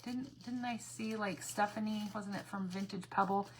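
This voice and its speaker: A woman's voice: mid-range voice, fairly even intonation, normal speed, very noisy. A woman chatting casually while crafting on a livestream, rambling, repeating herself and reading out viewer comments as she works. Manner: frequent self-corrections and repeated phrases.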